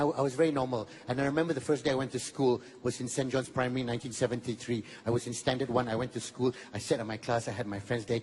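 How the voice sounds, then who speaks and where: A Malaysian man in his fifties doing stand-up comedy in a lively storytelling way, acting out other people as he goes. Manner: animated, acts out other people with a high put-on voice. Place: large hall on stage. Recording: reverberant hall with audience ambience.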